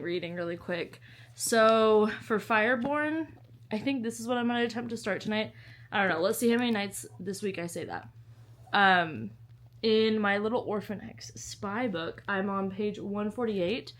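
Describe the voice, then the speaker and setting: Chatty woman with a slight lisp. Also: mid-range voice. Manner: chatty, anxious, self-interrupting. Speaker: book vlogger. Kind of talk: casual vlog chat.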